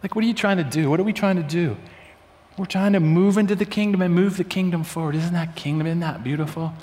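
A man preaching a sermon in a lively, conversational way, often acting out voices in quotes. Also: high voice, fast talker, long reverb tail. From United States.

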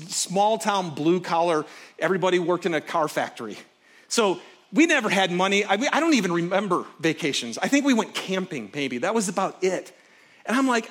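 High-voiced pastor, expressive sermon storytelling. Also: male voice. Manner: expressive storyteller, swings from loud excitement to hushed intensity. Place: stage before a live congregation.

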